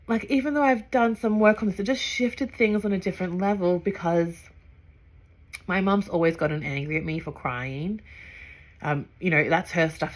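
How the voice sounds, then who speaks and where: A young woman with a low voice speaks softly and reflectively, pausing often and searching for words. She talks through a personal experience in a gentle, unhurried way. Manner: soft, halting, with many fillers and pauses. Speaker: breathwork trainee.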